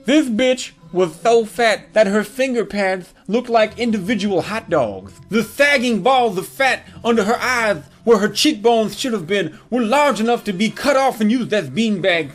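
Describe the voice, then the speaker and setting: A man telling a crude comedic story from his childhood, with a mocking, punchline-driven delivery. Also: high-pitched.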